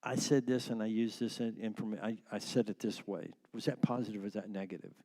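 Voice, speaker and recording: A man teaching a church class on marriage in a relaxed conversational way, explaining with everyday metaphors. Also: lowish voice, fast, noisy background.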